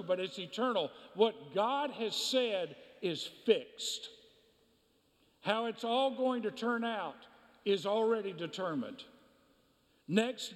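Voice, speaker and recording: High-voiced preaching man in a reverberant hall. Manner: emphatic preaching with repetition. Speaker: pastor. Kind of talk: sermon.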